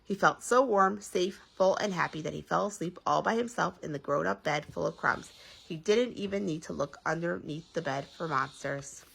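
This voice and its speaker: Woman storyteller, bedtime read-aloud, bright and husky. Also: fairly low pitch, normal speed, rough recording. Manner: expressive, sing-song reading.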